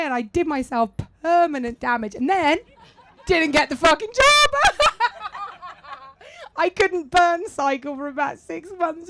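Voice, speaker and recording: A British woman talks as a guest on a live stage. Her voice sits fairly high and swings about a lot as she tells self-mocking stories. She laughs often between lines. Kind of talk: lively anecdotal stage talk.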